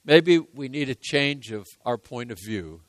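A man preaching a sermon, repeating key lines for emphasis and moving between hushed and loud passages. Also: medium pitch, animated, unhurried, no echo. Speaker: pastor.

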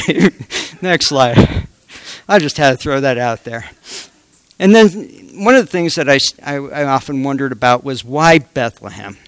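A man's voice: medium pitch, a bit bright, no echo. A man preaching a conversational sermon with slides, joking asides and frequent fillers. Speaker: lay preacher.

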